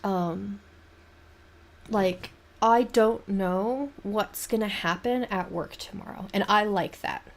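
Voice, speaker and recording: A young woman with a Southern US accent, chatting casually on a livestream in a halting, rambling way with many restarts. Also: medium pitch. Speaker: livestream host. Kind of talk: casual chat while painting on stream.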